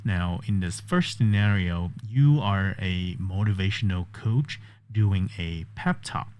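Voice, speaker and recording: A man testing an AI voice assistant, chatty and quick to interrupt, with a few voice-over comments. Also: sits low, a little mellow, dry recording. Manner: chatty, interrupts often, laughs easily. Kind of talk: casual talk with an AI and voice-over commentary.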